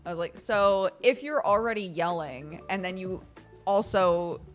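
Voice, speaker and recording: Her voice lowish and her pace a little slow, a thirtysomething American streamer shares stories in casual conversation. Laughter comes often, and she performs the voices of people she quotes, while faint music plays underneath.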